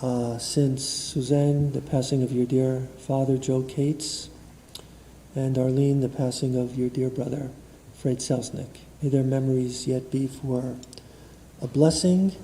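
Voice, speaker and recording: A man leading a synagogue prayer service, reading a memorial list of names in a measured way and chanting prayers in a large sanctuary. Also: mid-range voice, fairly even intonation, dark tone, a little hiss or hum. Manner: chants Kaddish prayer slowly. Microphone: livestream room mic. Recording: long reverb of a large sanctuary.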